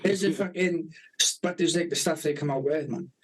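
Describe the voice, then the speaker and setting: A man's voice: on the high side, moderate pace, a little mellow. Sweary laughing man telling stories. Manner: sweary storytelling, laughs often. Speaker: podcast co-host. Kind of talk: casual chat.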